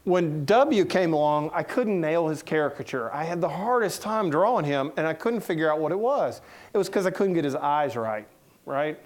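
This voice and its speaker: A man's voice: on the high side, animated, moderate pace. A middle-aged man with a Southern American accent, a cartoonist giving a casual talk in a lecture room, telling folksy, joking anecdotes. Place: lecture room before an audience.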